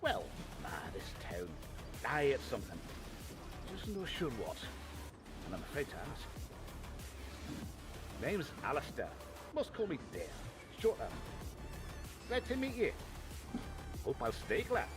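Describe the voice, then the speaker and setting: A man's voice: medium pitch, huge pitch swings, a little slow, long pauses. A man doing a chatty fisherman. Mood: friendly banter. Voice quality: folksy, teasing storyteller manner. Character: chatty male fisherman and harbour master. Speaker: game character. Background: game music.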